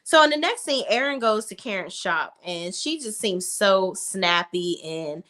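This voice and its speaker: Black-and-white blunt lady recapping a tv show, cusses, lively swoopy voice. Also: medium pitch, measured pace. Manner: blunt, profane, opinionated; acts out characters' lines. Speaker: reality TV recap host. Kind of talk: casual TV recap vlog.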